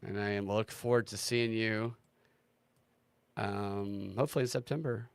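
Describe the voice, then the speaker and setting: A man's voice: lowish voice, steady tone, moderate pace, gravelly, smooth, no room sound. A man hosting a livestream, talking casually in a sarcastic, ranting way and swearing freely. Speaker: livestream host.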